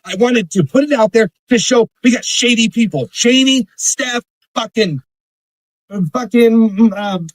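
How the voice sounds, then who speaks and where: Angry streamer, high voice, heated and profane, dry close mic. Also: male voice, a little slow, dry recording, rough recording. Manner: heated, profane, repeating himself. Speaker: livestream host. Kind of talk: angry livestream rant.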